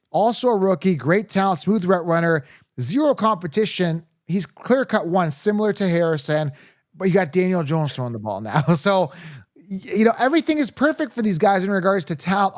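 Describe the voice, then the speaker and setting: A man hosting a casual sports podcast, energetic and hype-driven, laughing often. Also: sits high, dry recording, clean studio sound. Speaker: podcast host.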